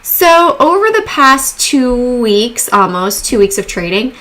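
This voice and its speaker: A woman's voice: a little high, very animated, takes it slowly, a bit bright. A woman hosting a casual stock market livestream, chatty and upbeat, greeting viewers in the chat as she talks.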